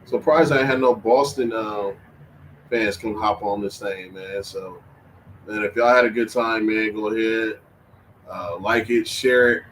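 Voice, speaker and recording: A man hosting a casual sports-talk livestream, animated and slangy, laughing and trash-talking as he reacts to chat. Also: fairly low pitch, measured pace, a little hiss or hum, poor audio. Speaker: livestream host.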